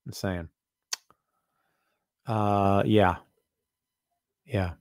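A man's voice: on the low side, fairly even intonation, extremely slow, a little mellow, no room sound, studio quality. A man hosting a live-streamed wrestling podcast in casual, sarcastic chat, reading viewer comments aloud and mumbling to himself while he adjusts settings.

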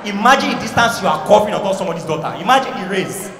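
Nigerian male stand-up, high bright voice, punchy and animated, in a reverberant hall. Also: rapid-fire, hardly any pauses, recorded from a distance, background noise. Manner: animated, shouting punchlines, mixing in pidgin. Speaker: stand-up comedian. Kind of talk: stand-up comedy routine. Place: live comedy stage in a large hall. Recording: echoey hall from a live show.

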